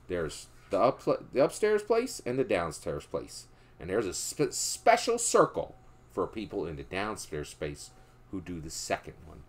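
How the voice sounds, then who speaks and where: A Philadelphia man offers political commentary in a casual, storytelling way. He's emphatic and ends nearly every sentence with a questioning "right?", dropping low and quiet whenever he makes a moral point.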